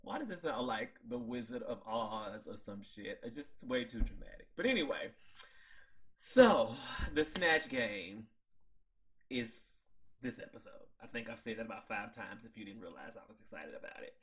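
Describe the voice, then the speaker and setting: A man hosting a casual TV recap, excitable and chatty, laughing at his own jokes. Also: mid-range voice, normal speed. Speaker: show host.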